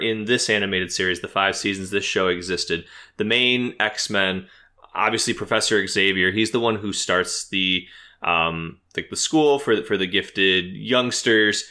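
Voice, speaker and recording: A man's voice: lowish voice, sharp tone. A man casually explaining a cartoon series on a podcast, rambling with many fillers.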